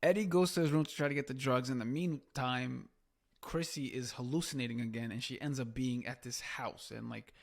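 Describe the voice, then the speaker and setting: A man's voice: mid-range voice, a little fast, gravelly. A man co-hosting a podcast, recapping a show in a rambling, casual way with lots of fillers. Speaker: podcast co-host. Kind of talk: casual review chat.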